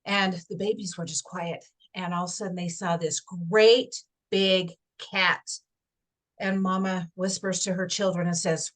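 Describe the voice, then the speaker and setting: A woman's voice: on the low side, fairly even intonation, a little slow. Enthusiastic woman leading a motivational workshop. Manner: enthusiastic, laughs often. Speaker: workshop host and motivational coach. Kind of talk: motivational workshop talk with storytelling.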